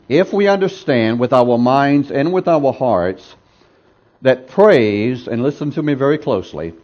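A man's voice: mid-range voice, darkish tone, highs cut off. A man preaching a sermon, emphatic and repeating phrases for effect, asking the congregation to answer him. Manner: asks the congregation for responses.

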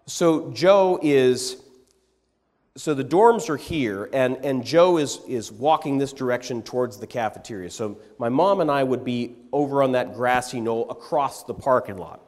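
A man preaching a sermon, telling a personal story with lively, repeated restarts, then leading a prayer. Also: on the high side. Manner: animated storyteller who repeats words as he starts phrases. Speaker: pastor. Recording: long hall reverb.

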